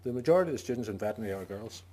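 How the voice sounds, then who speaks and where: A man's voice: on the low side, expressive, racing, dark tone, slight background noise. A man, a sheep farmer, giving an informal talk to fellow farmers, stressing his points and asking himself questions, with the odd joke. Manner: emphatic, asks himself questions and answers them; jokey asides. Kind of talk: informal talk to a farming audience.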